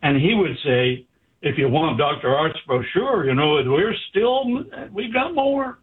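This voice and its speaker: A man's voice: fairly high pitch, a little slow, husky. A man, a doctor being interviewed, telling a story with animation and acting out the dialogue. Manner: animated, acts out quoted dialogue. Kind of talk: anecdotal storytelling. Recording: tinny phone-like line.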